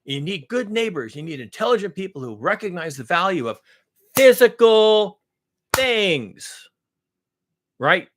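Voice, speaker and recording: A man's voice: high-pitched, very animated, a little slow, pauses often, fairly bright tone, slight background noise. A man talking in a rambling, blunt monologue, listing things at length and repeating himself. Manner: blunt, swears now and then. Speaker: vlogger.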